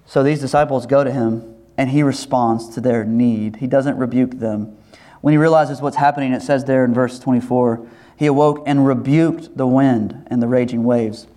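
A pastor preaching a sermon in a lively, animated way, acting out voices as he tells the story. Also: mid-range voice, moderate pace. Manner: animated, acts out quoted voices, laughs.

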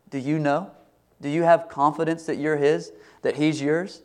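Middle-aged pastor guy preaching, earnest and chatty, fairly high voice, lots of questions to the crowd. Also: steady tone, moderate pace, clear, resonant tone. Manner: earnest, conversational, asks the congregation many questions. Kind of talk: sermon.

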